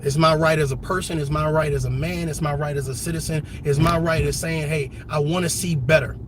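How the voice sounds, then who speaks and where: An army veteran hosting a livestream, talking passionately in a blunt, repetitive, profane way. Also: male voice, on the high side, steady tone, fairly quick, background noise. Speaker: livestream host.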